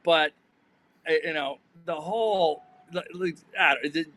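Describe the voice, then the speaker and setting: A man's voice: fairly high pitch, unhurried, bright, forceful tone, faint music behind. A male sports journalist chatting on a panel, rambling with many restarts. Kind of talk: casual panel chat.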